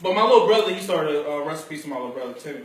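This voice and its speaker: A man's voice: a little high, animated, racing. A man hosting a casual talk show from a barbershop, joking, rambling and laughing often. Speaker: show host. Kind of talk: casual banter. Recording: echoey room from a distant mic, faint noise.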